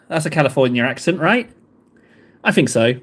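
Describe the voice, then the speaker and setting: A man's voice: on the high side, lively intonation, normal speed. A man, chatting casually with live viewers in a rambling, self-deprecating way. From England. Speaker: livestream host.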